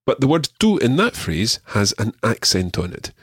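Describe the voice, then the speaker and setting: A man teaching a radio language lesson, patient and encouraging, repeating words slowly for the learner. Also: mid-range voice, wildly swooping pitch, breathy edge, dry recording, studio quality.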